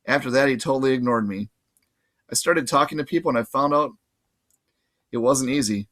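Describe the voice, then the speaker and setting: A man reading a novel aloud in casual, lively first-person narration. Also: medium pitch, fairly quick, pauses often. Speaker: audiobook reader.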